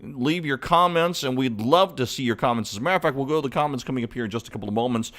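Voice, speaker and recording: A man's voice: mid-range voice, very fast, a bit bright. A man hosting a casual live entertainment stream, upbeat and chatty as he greets viewers by name. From Hawaii.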